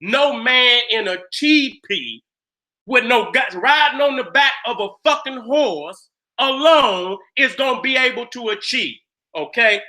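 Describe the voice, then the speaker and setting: A fiery man lecturing in a very high, piercing voice. He is blunt and profane, keeps checking that his audience is following, and breaks into shouts for emphasis. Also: animated, unhurried. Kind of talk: fiery presentation.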